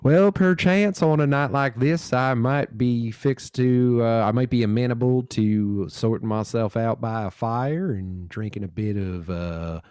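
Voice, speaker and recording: A man doing a laid-back, genteel Southern gentleman with a slow, drawn-out drawl and a Southern accent. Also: medium pitch, clear, resonant tone, dry recording, clean studio sound, natural voice. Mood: lazy, genteel.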